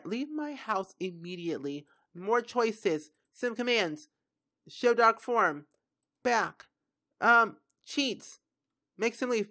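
A young woman casually commenting on her own gameplay, chatty and quick to react. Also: mid-range voice, fairly bright tone. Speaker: gaming YouTuber. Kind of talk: casual let's-play commentary.

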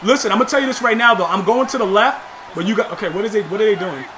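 A man giving live gameplay commentary, slangy and trash-talking, bursting into shouts at big plays. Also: high voice, very fast, noisy background. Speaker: gamer.

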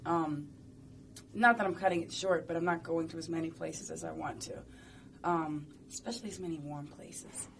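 A woman's voice: deep voice, steady tone, moderate pace, vocal fry, slight background noise. A woman talking casually and playfully in an interview, rambling and chatty with lots of fillers.

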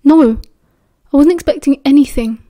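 A woman's voice: high voice, steady tone, normal speed, dark tone, close to an everyday voice. A woman with a British accent voicing a prickly, tired teenage boy who answers curtly and coldly. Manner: curt, cold, clipped.

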